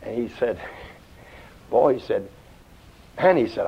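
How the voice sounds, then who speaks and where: An older man preaching a sermon, folksy and storytelling, swinging between loud outbursts and hushed asides. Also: medium pitch, expressive, slow pace, creaky, husky. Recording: dull lo-fi sound.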